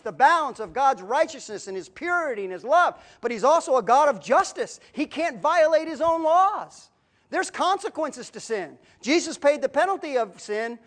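A woman preaching a sermon in an earnest, emphatic way, swinging between loud declarations and quiet asides. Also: high-pitched. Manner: earnest, emphatic, rises and drops in volume.

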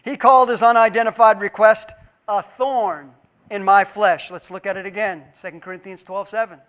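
A male pastor delivering a sermon, preaching emphatically and swinging between loud pleas and hushed asides while putting rhetorical questions to his congregation. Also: high voice, steady tone, moderate pace.

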